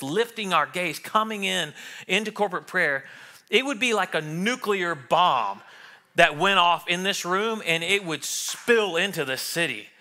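Preacher, male, fairly high and bright-edged, lively sermon delivery that slips into little acted-out voices. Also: moderate pace. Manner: animated, acts out what people think and say. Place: church sanctuary.

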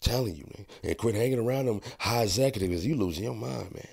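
A man's voice: lowish voice, fast talker, gravelly, few pauses, a bit bright. A man hosting a casual commentary vlog, rambling, profane and chiding, with frequent laughs. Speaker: host.

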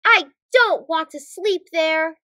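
Lady doing a whiny little boy in a storybook, super high and bright, won't go to bed. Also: slow, dry recording, clean studio sound, exaggerated voice. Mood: upset. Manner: whiny, pleading. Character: scared stubborn little boy.

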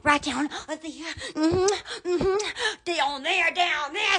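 A very high-pitched woman chats on a phone live stream, her voice bright and sharp. She talks slowly, with lively swoops in pitch. She squeals, yelps and laughs between her words. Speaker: live-stream host selling shop goods. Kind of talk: rambling live-stream chat.

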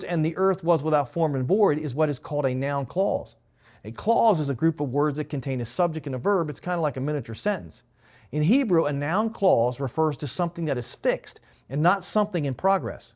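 A man's voice: fairly high pitch, a little mellow. A male pastor giving a methodical Bible lesson, explaining grammar step by step and stressing key words. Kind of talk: Bible teaching.

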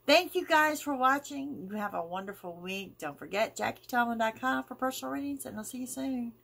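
A woman's voice: on the high side, gravelly, a bit bright. A woman giving a weekly tarot reading as host, talking the viewer through each card in a reassuring, emphatic way. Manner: reassuring, emphatic, drawn-out phrasing. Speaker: tarot reader.

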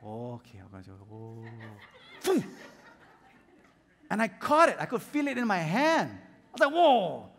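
A man's voice: high voice, huge pitch swings, unhurried, pauses often, fairly bright tone, in a large hall. A man preaching a sermon, telling a story and acting out scenes and sound effects as he goes. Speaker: pastor. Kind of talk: lively sermon with stories. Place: church hall.

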